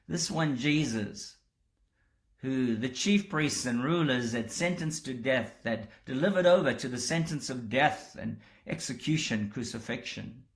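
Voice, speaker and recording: A man preaching in a slow, deliberate sermon cadence. His voice sits at a middle pitch and lifts sharply when he voices the disciples' astonishment. The pace stays unhurried throughout. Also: fairly bright tone. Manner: slow, measured delivery that rises when voicing the disciples' astonishment.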